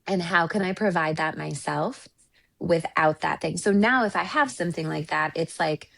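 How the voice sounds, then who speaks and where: A woman's voice: lowish voice, moderate pace, gravelly, a bit bright. A woman relationship coach and Reiki practitioner talking earnestly in an interview, often checking in with "right?". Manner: reflective, earnest, often ending points with "right?". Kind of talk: conversational interview storytelling.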